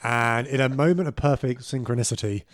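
A man's voice: mid-range voice, a little fast, dry recording. A man co-hosting a film podcast, playfully retelling the plot in casual chat and laughing often as he goes. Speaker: podcast co-host.

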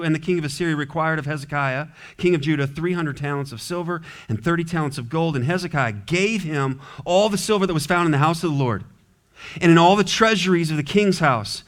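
A man pastor preaching an expository sermon, animated and acting out characters with varied voices. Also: on the high side, a little fast. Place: church sanctuary.

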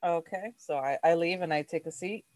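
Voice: medium pitch, fairly quick, darkish tone, dry recording. Tabletop player, casual, giggly, dry recording. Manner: casual, laughing, hesitant. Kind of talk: casual tabletop role-play.

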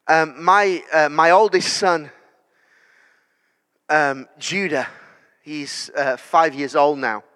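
A man in his thirties preaching a sermon in a church, telling stories that build to loud declarations. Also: a little high, very slow, long pauses, smooth. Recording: long church hall reverb.

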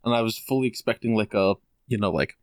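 A man's voice: lowish voice, fast talker, clean tone, no echo, clean studio sound. A man co-hosting a casual podcast, telling a story animatedly and swearing a lot. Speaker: podcast co-host. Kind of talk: casual chat.

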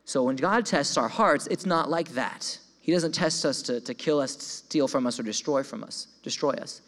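A man's voice: mid-range voice, moderate pace. A young man giving a sermon testimony, telling his story with animation and stumbling over repeated words. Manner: animated storytelling, voices his own quoted thoughts; repeats words when excited. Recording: long hall reverb.

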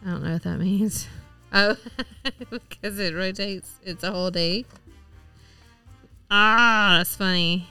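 A woman's voice: mid-range voice, fairly even intonation, slow pace, bright, forceful tone, clean tone, soft background music. A woman co-hosting a podcast in casual, chatty talk, swearing freely and laughing often. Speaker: podcast co-host. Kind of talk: casual chat.

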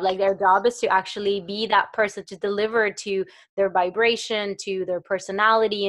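Thoughtful woman in relaxed conversation. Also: medium pitch. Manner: thoughtful, searching for words. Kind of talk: reflective casual chat.

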